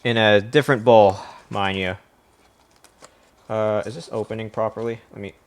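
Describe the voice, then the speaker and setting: A man's voice: on the low side, steady tone, moderate pace. A man streaming live from his kitchen, a bit out of breath, rambling, swearing and reading a recipe aloud as he cooks. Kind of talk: casual live-stream chat while cooking.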